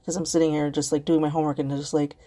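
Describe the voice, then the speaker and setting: A woman's voice: sits low, little pitch movement, very fast, mellow. A woman hosting a podcast on her own, rambling in casual chat from her computer at home, swearing freely and earnest. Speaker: podcast host.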